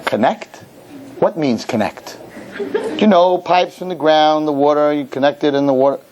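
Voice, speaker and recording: A man voicing a group of excited Bedouin men who speak broken English with an Arabic accent. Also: normal speed, a little hiss or hum, close to an everyday voice. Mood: indignant. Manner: shouting, mangled grammar, high strained voice.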